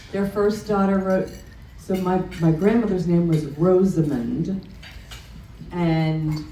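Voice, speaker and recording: At a chapter meeting during a luncheon, a middle-aged woman gives a personal presentation in a fairly low, warm voice. She hesitates with frequent ums and restarts. A distant mic makes it sound roomy, with slight background noise.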